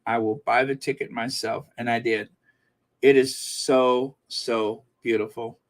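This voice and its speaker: Reading viewer comments on his casual live stream, a man chats in a musing, meandering way, his speech peppered with fillers and restarts. His voice is medium in pitch.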